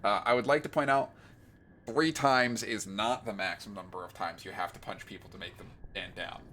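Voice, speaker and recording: A man's voice: lowish voice, brisk, pushed and bright, slight background noise. A man streaming a video game, making playful, jokey asides between lines of dialogue. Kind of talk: let's play commentary.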